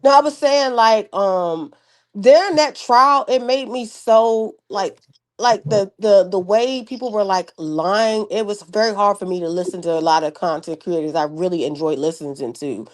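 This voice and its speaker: Casting: mid-pitched woman, chatty podcast co-host, loose and rambling. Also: normal speed. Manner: rambling, many filler likes. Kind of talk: casual chat.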